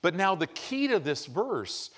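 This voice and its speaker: A man's voice: sits high, very animated, a little slow, a bit bright, husky. A middle-aged male pastor preaching a sermon in a conversational way, often checking in with the congregation. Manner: conversational preaching with frequent "right?" tags.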